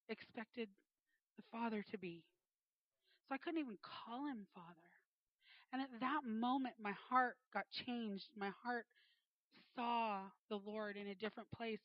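Woman, 40s, earnest testimony teller, a bit high, muffled dry audio. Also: unhurried, dry recording. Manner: earnest, acts out quoted voices. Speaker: speaker giving a faith testimony. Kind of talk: personal testimony storytelling. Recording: dull, slightly muffled dry sound.

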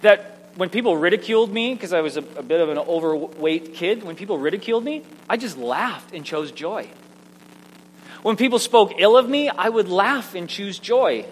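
A man preaching a sermon, telling personal stories in an animated, self-mocking way. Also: sits high, normal speed. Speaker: pastor. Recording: echoey hall with faint hum.

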